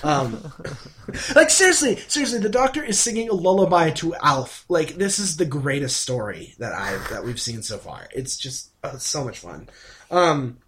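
A man co-hosting a podcast, recapping an episode in an excitable, gushing way and acting out the characters' lines. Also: fairly high pitch, moderate pace. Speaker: podcast co-host. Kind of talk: casual podcast chat.

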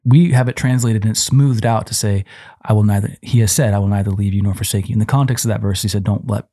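A man's voice: lowish voice, steady tone, fast talker, dark tone, no echo, clean studio sound. A man co-hosting a Christian parenting podcast, explaining Bible passages in a conversational teaching way, with frequent restarts. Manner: explanatory, quotes scripture, many restarts.

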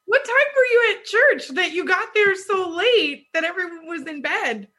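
A woman's voice: very high voice, expressive, normal speed, sharp tone. A woman in a casual chat, reacting to a friend's story with wry, teasing comments.

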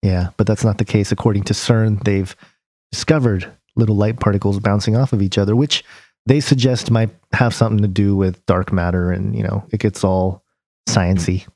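A man co-hosting a casual podcast, sharing news items in a chatty, easygoing way. His voice is mellow and dark in tone. He laughs easily along with his co-host. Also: lowish voice, steady tone, moderate pace, no room sound.

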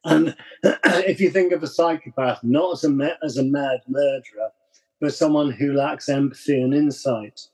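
A man who writes a blog, talking as a podcast guest in a casual conversation, giving reflective, measured explanations. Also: on the high side, a little mellow, slightly rough.

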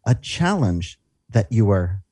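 Calm husky man reading scripture. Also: fairly low pitch, takes it slowly, dry recording, studio quality. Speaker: Christian radio co-host.

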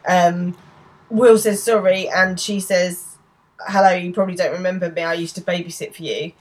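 A woman chats on a podcast, recapping a TV episode scene by scene and quoting the characters' lines. Her voice sits somewhat low for a woman, and she laughs easily as she goes. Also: fairly even intonation, moderate pace. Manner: retells scenes with quoted lines, laughs often. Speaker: podcast co-host. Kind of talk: casual chat recapping a TV episode.

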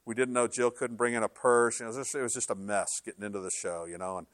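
Animated preaching man, dry close sound. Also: fairly low pitch, quick pace, no echo. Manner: animated, conversational preaching with sarcastic quoted asides. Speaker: pastor. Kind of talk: sermon.

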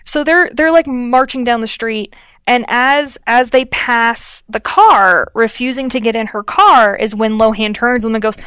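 A woman's voice: on the high side, unhurried, fairly bright tone, clear, resonant tone, no echo. A woman co-hosting a podcast, telling a story in a chatty way with lots of fillers and acted-out quotes. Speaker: podcast co-host. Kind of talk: casual chat.

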